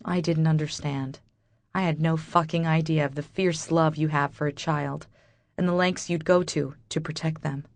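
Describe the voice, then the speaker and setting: Low-voiced woman narrating an audiobook. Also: fairly even intonation, normal speed, no echo. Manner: bitter, wry inner monologue. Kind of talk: first-person audiobook narration.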